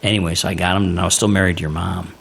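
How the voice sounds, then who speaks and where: Deep gravelly man telling a story. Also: rapid-fire, slight background noise. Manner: animated storyteller, laughs often. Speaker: podcast host. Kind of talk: casual storytelling chat.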